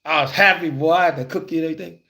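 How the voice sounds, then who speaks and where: A man casually telling a childhood story, animated and conversational, acting out the scenes as he goes. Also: on the high side, rapid-fire.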